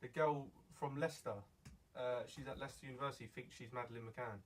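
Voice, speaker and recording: Brief: young lad, mid-pitched voice, joking podcast banter, far from a noisy mic. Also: male voice, steady tone. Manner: quick, joking interjections. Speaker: podcast co-host. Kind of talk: casual chat. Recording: distant mic with faint noise.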